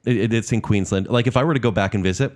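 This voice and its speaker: Lively Southern American man telling stories. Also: fairly low pitch. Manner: animated storyteller, quick asides. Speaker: podcast co-host. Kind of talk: casual chat.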